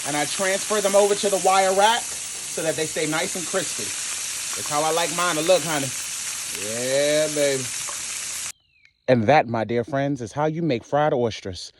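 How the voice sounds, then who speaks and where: A man from Maryland hosting a casual cooking tutorial in his home kitchen, sassy and animated, calling viewers honey and swearing casually. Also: a little high, normal speed, background noise. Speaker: cooking channel host.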